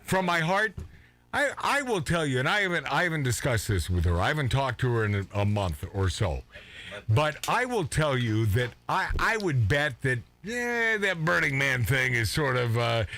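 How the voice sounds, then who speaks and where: Male talk-radio host, rambling banter, bright and animated delivery. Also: medium pitch, normal speed, creaky. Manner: rambling, emphatic, repeats words. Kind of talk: casual radio show banter.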